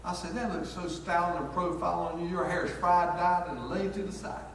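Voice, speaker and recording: Man, pastor, folksy storytelling sermon, higher voice, distant mic, echoey church hall. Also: brisk, vocal fry, heavy background noise. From North Carolina, USA. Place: church sanctuary. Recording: echoey hall, picked up from far off.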